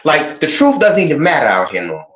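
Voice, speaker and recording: Man, high voice, lively, streetwise, repeats words, roomy muffled sound. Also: fast. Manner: animated, streetwise, repeats words while searching for them. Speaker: guest. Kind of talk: casual talk show discussion.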